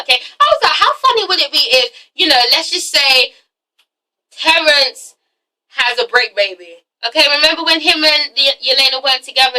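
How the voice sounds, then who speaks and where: A woman casually recapping a TV episode, animated and profane, often slipping into the characters' voices. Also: high voice, distant mic, low-quality recording. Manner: animated, profane, acts out characters' lines with laughter. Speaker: TV show reviewer.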